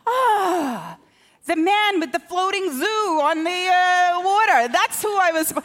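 A woman's voice: mid-range voice, sing-song. A woman voicing God as an absent-minded male figure who stumbles while trying to recall something, in a sermon. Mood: flustered. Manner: halting, searching, stops to recall.

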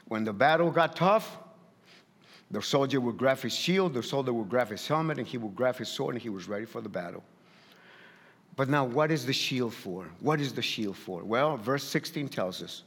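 A man's voice: mid-range voice, animated, moderate pace, a bit bright, long reverb tail. A man preaching a sermon in a light accent, emphatic and repetitive, often restarting his phrases. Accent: non-native English. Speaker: pastor.

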